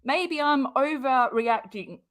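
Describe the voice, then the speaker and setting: A woman streams a reaction to a clip, giving angry, sarcastic and exasperated commentary with some swearing while she has a cold. Her voice sits high and is fairly bright, and she speaks slowly.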